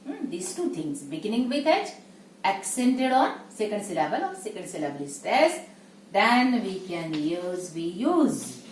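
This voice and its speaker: A woman teaching a grammar lesson, who explains slowly and checks in with her listeners. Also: medium pitch, very animated. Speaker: English teacher. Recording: echoey room, distant mic, faint noise.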